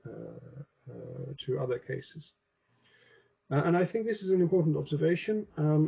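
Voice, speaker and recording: Gravelly Dutch-accented man lecturing. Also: medium pitch, muffled recording. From Netherlands. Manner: measured, frequent ums and "right?" checks. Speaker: conference speaker, linguist. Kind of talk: academic lecture.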